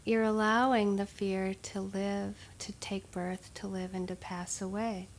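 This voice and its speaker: A woman's voice: medium pitch, flat delivery, measured pace, slight background noise. Woman teaching meditation, conversational. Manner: conversational, with frequent fillers and soft laughs. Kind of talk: dharma talk.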